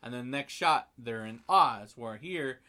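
A man in casual chat, animatedly retelling a film scene by scene and acting out the characters' lines, with swearing. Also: a little slow. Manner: animated storyteller, acts out lines with big jumps in pitch and loudness, swears.

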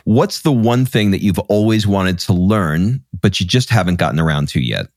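Male podcast host: very deep, animated delivery, playful and upbeat, dry sound. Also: moderate pace, no echo. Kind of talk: casual interview chat.

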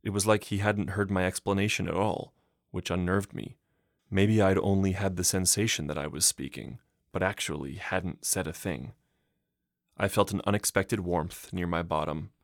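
A man reads a literary short story in a calm, measured voice. His tone sits very low. The recording is close and dry, with no room sound. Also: no echo. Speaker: narrator and translator. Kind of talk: audiobook narration.

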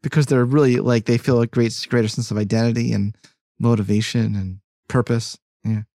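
A man's voice: mid-range voice, steady tone, fairly quick, mellow, no room sound. Male podcast host, dry close sound. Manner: affirming, short backchannels. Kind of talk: interview hosting.

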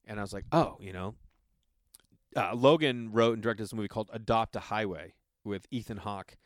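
A man's voice: fairly low pitch, fast, no room sound, clean studio sound. A man, an actor, telling a casual anecdote in a rambling way, with a constant filler 'like'.

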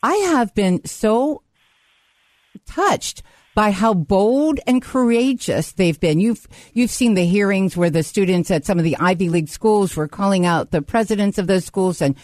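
A woman, a radio host, interviewing a pastor in a conversational way and slowing down on the key words. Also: medium pitch, expressive, a little mellow, dry recording.

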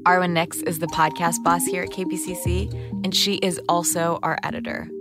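Low-voiced woman hosting a podcast. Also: little pitch movement, normal speed. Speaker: podcast host. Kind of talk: scripted narration. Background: music.

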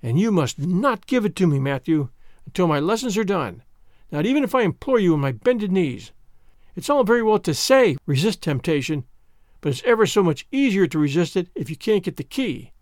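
A man's voice: sits high, very animated, fairly quick, darkish tone, no echo. An eager, dreamy girl, as a man reading a storybook puts her on, chattering on in long, earnest runs. Her voice swings freely up and down. The sound is dry and close.

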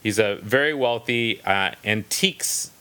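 A man with a bright voice discusses a book in a relaxed conversation. He thinks aloud, pausing and restarting often as he searches for words. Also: fairly low pitch, smooth. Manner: thoughtful, halting, many restarts and ums. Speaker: book podcast co-host.

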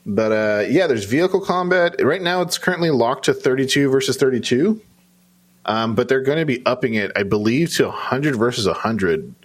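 A man's voice: mid-range voice, animated, moderate pace. A man co-hosting a casual gaming podcast, talking loosely with lots of fillers. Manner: rambling, filler-heavy. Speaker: podcast co-host. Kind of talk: casual chat.

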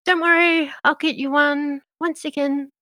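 A woman's voice: high-pitched, fairly even intonation, a little slow, pushed and bright, pitched above the performer's own voice. A woman voicing a bubbly, chatty female diner owner who gossips freely.

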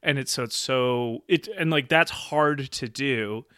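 Laughing, animated man in podcast chat. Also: medium pitch, a little slow, clean tone, no echo, studio quality. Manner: animated, laughs often, acts out quotes. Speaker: podcast co-host.

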